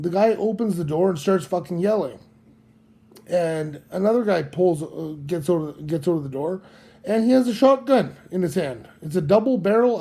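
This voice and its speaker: Gravelly-voiced man telling a blunt story. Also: on the high side, warm tone. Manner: swearing, blunt anecdote with filler words. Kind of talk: casual storytelling.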